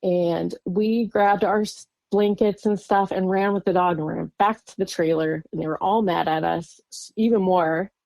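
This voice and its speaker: A woman's voice: fairly low pitch, fairly even intonation, moderate pace, vocal fry, a little mellow, no room sound. A woman from Oregon, a guest on an interview podcast, recounting a personal encounter in a rambling way with lots of fillers and nervous laughs. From Oregon, USA. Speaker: guest witness.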